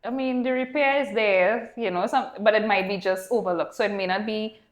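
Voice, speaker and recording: A woman's voice: mid-range voice, brisk. A woman co-hosting a parenting podcast, chatting and telling funny family anecdotes. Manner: chatty, anecdotal, laughs easily. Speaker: podcast co-host. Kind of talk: casual podcast conversation. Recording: roomy echo.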